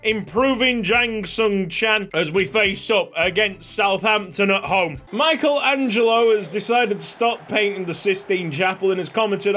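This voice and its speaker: A young man commentating on his football video game, excitable, shouting at chances and cracking jokes between plays. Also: high-pitched, normal speed, hardly any pauses, faint music behind. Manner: excitable, shouting at goals, jokey asides. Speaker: gaming YouTuber. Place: home recording room. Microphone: desk microphone.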